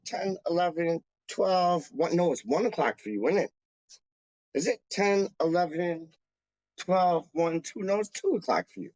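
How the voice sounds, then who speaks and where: A man's voice: fairly high pitch, lively intonation, moderate pace, no room sound. A man chatting casually to viewers of his fan channel, rambling and slangy and repeating himself. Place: lives in Canada, time zone away from England. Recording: dull lo-fi dry sound.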